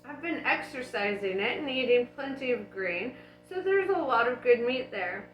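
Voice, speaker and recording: A woman's voice: on the high side, lively intonation, moderate pace, echoey room, faint music behind, lightly acted, poor audio. A woman voicing a polite, eager male cow-like creature that offers itself as a meal, speaking contentedly. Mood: murmuring. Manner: contented, courteous, mooing.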